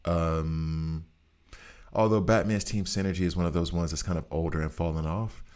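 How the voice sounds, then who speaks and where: A man's voice: low-pitched, fairly even intonation, normal speed, a little mellow. A tired man hosting a game guide video, rambling in a chatty way and slipping into a Southern twang now and then. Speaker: mobile game guide host. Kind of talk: casual gameplay commentary.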